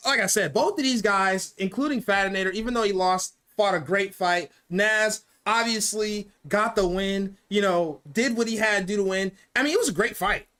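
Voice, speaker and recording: Male esports host, sharp high voice, excitable and brash, faint music bed. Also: normal speed, few pauses. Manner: excitable, repetitive, brash trash talk. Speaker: esports fight commentator and show host. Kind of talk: post-fight commentary.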